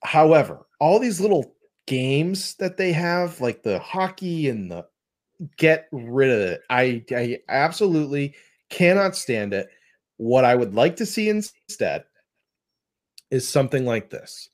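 A man hosting a podcast in casual chat, animated and rambling, often laughing. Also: mid-range voice, measured pace. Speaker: podcast host.

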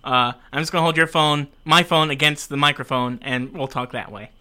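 A man's voice: on the high side, a little fast, sharp tone. A young man hosting a live show in casual chat, rambling and frustrated by technical trouble. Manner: frustrated, rambling, self-mocking. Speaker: show host.

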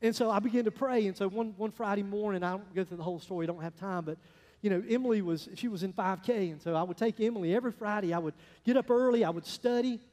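A pastor preaching a sermon, telling stories in a folksy way, swinging between loud bursts and hushed asides. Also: male voice, high voice, fast talker. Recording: echoey hall, long reverb.

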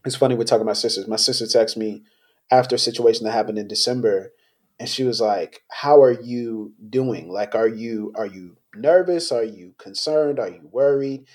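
A man's voice: mid-range voice, moderate pace, a little mellow. A man hosting a podcast interview, talking reflectively in a casual way, thinking aloud and trailing off into questions. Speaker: podcast host.

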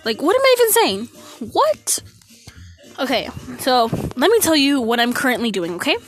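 With soft music in the background, a fourteen-year-old podcast host chats casually on her own from her bedroom into a phone. Her high voice is sing-song at a moderate pace, and she sounds out of breath, rambling and losing track of her thoughts.

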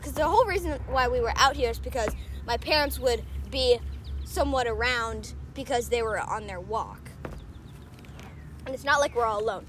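A woman's voice: high-pitched, moderate pace. A young woman telling a rambling story in a casual chat, giggling and saying "like" often. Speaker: co-host. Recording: faint background noise.

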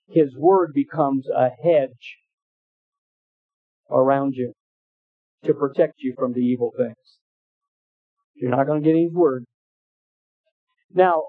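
Brief: male pastor, folksy sermon storyteller, slightly high voice, dry tinny phone-like sound. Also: no room sound. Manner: folksy, anecdotal, with hesitant restarts. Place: church.

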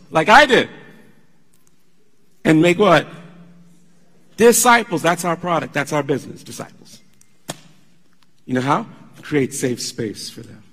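Husky-voiced man preaching with emphasis. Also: high-pitched, animated, a little slow, long pauses, fairly bright tone, long reverb tail. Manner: emphatic, conversational preaching with asides to the congregation. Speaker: pastor. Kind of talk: sermon.

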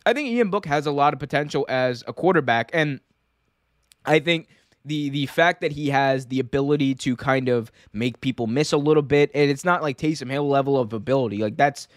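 A young man talks sports in a casual, animated way, firing off opinions and restarting his sentences. His voice is smooth and clear, recorded close and dry with no room sound. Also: mid-range voice, a little fast, dry recording. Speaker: sports show host.

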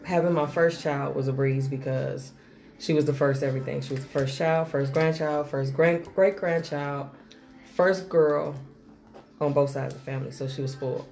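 A woman's voice: low voice, fairly even intonation, moderate pace, darkish tone. A woman co-hosting a casual chat, frank and plain-spoken.

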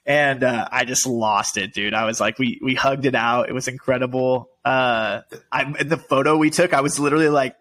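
A man in casual conversation as a podcast guest, telling a story in an excited, emotional way, full of "like" and "dude". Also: mid-range voice, normal speed, hardly any pauses, slight background noise.

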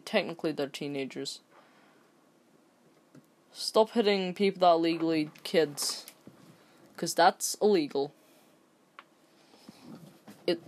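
A woman with a somewhat low voice reads an online story aloud in a loose, chatty way. She stumbles over words and keeps breaking off into rambling, sweary commentary. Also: darkish tone. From England. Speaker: story reader.

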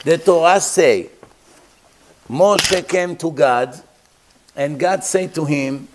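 Animated male religious teacher. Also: fairly high pitch, takes it slowly, pauses often. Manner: animated storytelling, simple plain phrasing. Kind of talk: sermon-style teaching.

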